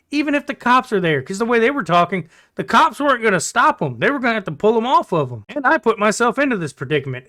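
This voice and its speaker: A man's voice: high voice, pushed and bright. A man telling a personal story in a casual, blunt and profane way to his viewers. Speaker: storytelling vlogger.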